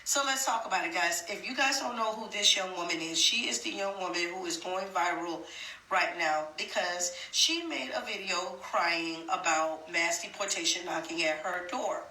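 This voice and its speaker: A woman with a bright voice chats directly to her viewers in casual reaction commentary. Her voice rings around an echoey room. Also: lowish voice, normal speed, slight background noise. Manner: chatty, addresses viewers directly. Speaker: commentator reacting to a viral video.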